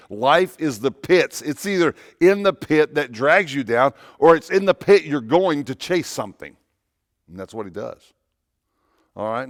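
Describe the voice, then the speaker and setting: A man's voice: mid-range voice, no room sound. Man preaching a conversational sermon, dry sound. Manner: conversational preaching with repeated phrases and rhetorical questions. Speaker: pastor. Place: church.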